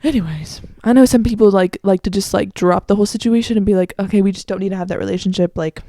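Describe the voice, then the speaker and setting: A woman's voice: mid-range voice, quick pace, warm tone, dry recording, clean studio sound. Chatty opinionated college-age woman. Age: young adult. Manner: chatty, opinionated, many "like" fillers. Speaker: podcast host. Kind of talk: casual solo podcast chat. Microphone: podcast microphone.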